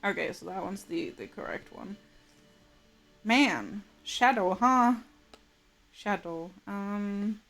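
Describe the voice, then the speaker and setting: A woman's voice: medium pitch, slow pace. A woman streaming live, chatting casually and laughing often while she mutters to herself over her drawing. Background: soft game music.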